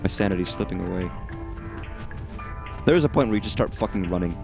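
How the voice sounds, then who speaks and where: A man's voice: low voice, animated, a little fast, music in the background. A man giving casual, profane, rambling commentary while playing a game.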